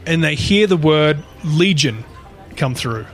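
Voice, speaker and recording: A man's voice: on the high side, lively intonation, slow pace. A man co-hosting a podcast, casually retelling a paranormal story in a rambling way, with frequent swearing. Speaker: podcast co-host.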